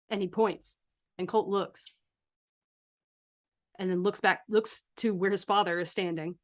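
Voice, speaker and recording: A woman's voice: mid-range voice, fairly even intonation, a little slow, pauses often. A woman narrating a horror tabletop game as game master, setting scenes like a film in a casual way.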